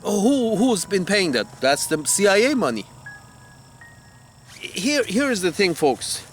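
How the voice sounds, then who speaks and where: A man's voice: high voice, very animated, slow, faint music behind. A man ranting in a heated, profane monologue, repeating himself and restarting as he goes. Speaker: commentator.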